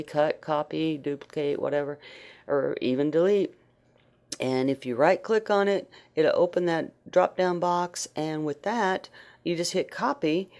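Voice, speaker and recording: Woman teaching software, allergy-worn voice. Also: low voice. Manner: relaxed, conversational, many fillers and restarts. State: allergies, voice going in and out. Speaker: computer skills instructor. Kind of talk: screen-share software tutorial.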